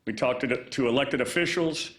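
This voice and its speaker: A man speaking as mayor at a press conference, relaxed and chatty with frequent fillers. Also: mid-range voice, normal speed. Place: indoor press conference room. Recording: echoey room.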